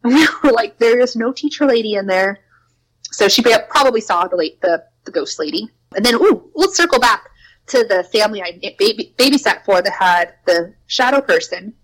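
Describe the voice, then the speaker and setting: A young woman casually telling spooky stories from her preschool job. She fills her talk with "like" and acts out quotes in a higher voice. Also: lively intonation, normal speed, poor audio. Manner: chatty, lots of "like", acts out quotes with a raised voice. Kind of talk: casual storytelling.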